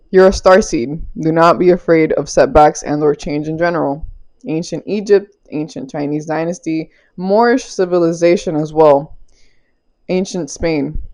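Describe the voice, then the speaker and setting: A woman's voice: sits low, a little mellow. A young woman giving a casual spiritual tarot reading, loose and playful, swearing, using slang and laughing often. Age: young adult. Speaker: tarot reader.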